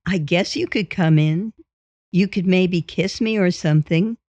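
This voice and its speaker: A woman voicing a playful young newlywed wife, in a raised, softer voice. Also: unhurried, no echo, lightly acted. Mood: coy. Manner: higher, softer voice for her pleading lines. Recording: dull, dry.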